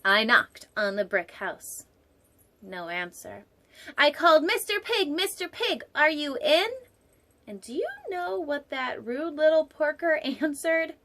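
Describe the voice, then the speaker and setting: A woman's voice: high voice, lively intonation, slow, fairly bright tone. A woman hosting a storytime show, reading a picture book aloud and breaking off for playful, digressive jokes, sometimes dropping to a whisper for an aside. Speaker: storytime host.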